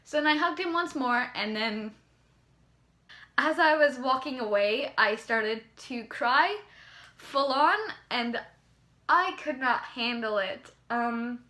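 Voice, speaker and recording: A young woman vlogger from Canada excitedly telling a story in casual chat, rambling with lots of "like"s. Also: on the high side, takes it slowly.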